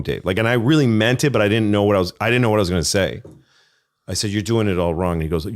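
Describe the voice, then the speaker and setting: Middle-aged male comedian, low voice, loose profane storyteller who plays out every quote. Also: brisk. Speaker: comedian guest. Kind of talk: casual chat.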